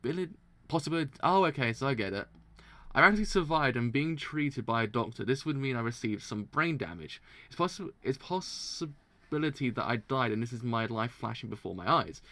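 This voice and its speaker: A man reading a manga aloud for a live reaction, often tripping over words and restarting, excitable and quick to laugh. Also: medium pitch, dry recording.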